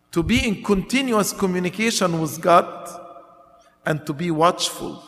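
Man, preacher, sermon, emphatic, rhetorical questions, slow delivery, long hall reverb. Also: sits high, a bit bright.

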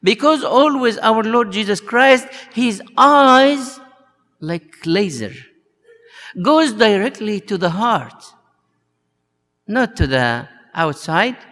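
A priest preaching a sermon at an unhurried, halting pace, full of small hesitations. His voice is gravelly and a little high, and a long hall reverb rings behind every phrase. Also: lively intonation, sharp tone. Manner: slow and halting, many uh fillers, acts out the story's voices.

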